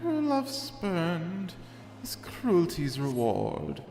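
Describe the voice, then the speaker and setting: A man voicing a slow, mournful sea siren. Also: a little high, huge pitch swings, creaky, reverberant, long reverb tail, music in the background, voice pushed up, full character voice. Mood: luring. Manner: slow, drawn-out, dreamy delivery. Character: mournful female sea siren, luring and sorrowful. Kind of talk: reading game dialogue aloud.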